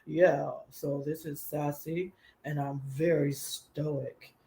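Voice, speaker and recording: A woman mimicking a stoic female tech founder with a deep, measured, flat voice. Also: vocal fry, reverberant, a little hiss or hum, heavily acted. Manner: slow, deliberate, flat delivery.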